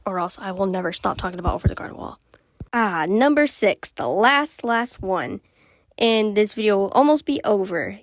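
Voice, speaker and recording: A woman's voice: mid-range voice, no echo. Chatty rambling woman vlogger, dry close sound. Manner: rambling, chatty, many fillers. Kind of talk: casual voice-over while drawing. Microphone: voice-over recorded separately from the drawing footage.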